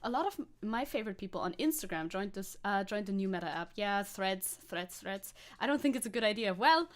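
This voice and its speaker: A woman's voice: medium pitch, lively intonation, fairly quick. A young woman streaming as a VTuber, chatting casually, reacting to chat, swearing and laughing often.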